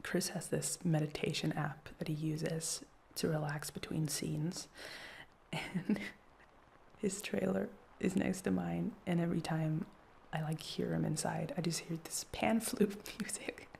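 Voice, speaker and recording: Woman, whispered role-play, gravelly low voice, mellow, nervous rambling girlfriend. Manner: nervous, rambling, soft-spoken, laughs often. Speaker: girlfriend character, an actress.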